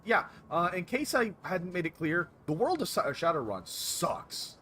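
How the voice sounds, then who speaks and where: Lively chatty streamer man. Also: sits high, unhurried, few pauses, a little hiss or hum. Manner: chatty, self-correcting, reacts to chat. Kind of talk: casual game stream chat and narration.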